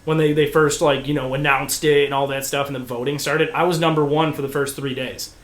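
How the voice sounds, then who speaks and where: A young man with a slightly high voice tells a story as a podcast guest. He talks in an excited rush, full of restarts and casual swearing. The room around him is echoey. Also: fairly quick.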